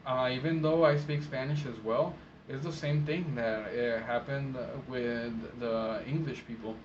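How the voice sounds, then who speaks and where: A man's voice: mid-range voice, unhurried. A man from Mexico who works as a phone interpreter, giving casual advice in a chatty, rambling way full of fillers and restarts. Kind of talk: casual advice talk to camera. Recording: dull lo-fi sound with steady background noise.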